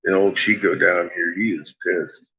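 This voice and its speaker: A man's voice: deep voice, steady tone, moderate pace, background noise. A man chatting casually late at night, cooing at his dogs, laughing often and swearing freely, on a slightly dull lo-fi recording. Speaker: vlogger.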